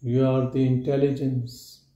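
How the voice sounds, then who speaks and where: A man leads a meditative spiritual talk in short, measured declarations, leaving long silences between them. His voice is deep and mellow, and he speaks very slowly. A roomy echo surrounds him at a live gathering. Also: level tone. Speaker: spiritual teacher.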